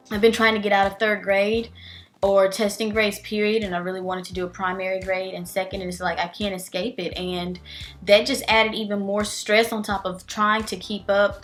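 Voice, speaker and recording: A woman's voice: mid-range voice, a bit bright. A young adult woman, a teacher and vlogger, talking candidly and emotionally in a casual vlog, with many fillers. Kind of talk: casual vlog life update.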